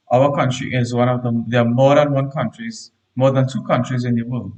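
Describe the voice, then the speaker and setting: A man leads a live online grammar lesson at a middle pitch, reading sentences aloud and repeating them slowly before he explains them. He talks into a computer mic and speaks straight to his pupils in the chat. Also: steady tone, rough recording. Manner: reads each line aloud and repeats it slowly. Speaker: primary school teacher.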